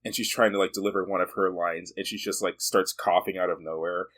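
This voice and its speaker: A man's voice: low-pitched, fairly even intonation, fast talker, a bit bright. A man co-hosting a podcast in casual chat, musing with strong opinions and laughing easily. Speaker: podcast co-host.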